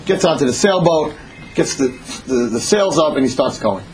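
A man telling a parable in an animated sermon style, repeating phrases as he goes. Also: fairly high pitch, normal speed, slight background noise, rough recording. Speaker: storyteller. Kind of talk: storytelling sermon.

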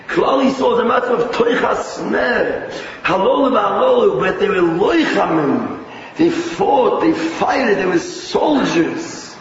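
A high-pitched man with a Yiddish-inflected English accent preaches animatedly and often restarts his phrases. He is heard from a distance in a large, strongly echoing hall. The sound is muffled, with a faint hiss of noise behind him. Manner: animated, mixing Yiddish and Hebrew terms, many restarts. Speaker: rabbi giving a Torah talk. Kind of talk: sermon.

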